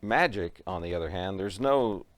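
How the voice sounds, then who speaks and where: A man with a notably low voice hosts a relaxed interview, asking questions and murmuring along as his guest talks. The sound is dry, with no room echo. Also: moderate pace. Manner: relaxed, with frequent short backchannel replies. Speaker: interview host. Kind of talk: casual interview.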